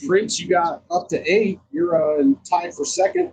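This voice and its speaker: Man, livestream host, high-pitched, upbeat score caller. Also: big pitch swings, normal speed, gravelly, a little mellow, a little hiss or hum, rough recording. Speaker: host calling race results. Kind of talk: casual livestream commentary.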